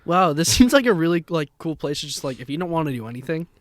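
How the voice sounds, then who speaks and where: A man's voice: fairly high pitch, big pitch swings, fast, no echo, clean studio sound. A young man co-hosting a casual podcast, telling a laughing anecdote and teasing his co-host. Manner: laughing anecdote teller who quotes people in the story, teasing. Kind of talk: casual chat.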